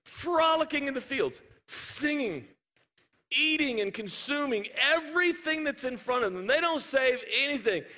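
High, bright-voiced pastor preaching with humor. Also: male voice, unhurried, big-room sound. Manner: humorous storytelling, animated asides. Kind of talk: sermon. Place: church auditorium.

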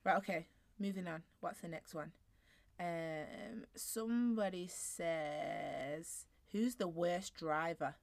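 A woman co-hosting a casual podcast, laughing often and telling stories with squeaky impressions. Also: takes it slowly, no room sound. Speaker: podcast co-host. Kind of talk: casual chat.

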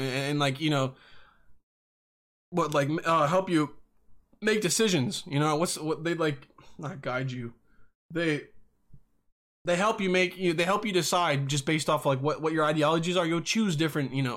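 A young man hosting a solo podcast, rambling and swearing, with bursts of yelling. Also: on the high side. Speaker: podcast host.

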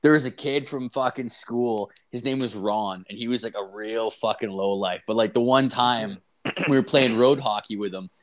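Swearing, animated young man telling stories. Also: medium pitch, moderate pace. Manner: heavy swearing, animated storytelling. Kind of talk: crude casual chat.

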